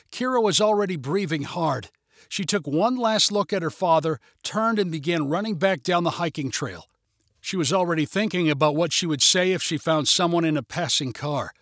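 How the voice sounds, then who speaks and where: A man reads an adventure story aloud in a measured, steady narration. His voice sits somewhat high for a man. The recording is dry and close, with no room sound. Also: no room sound.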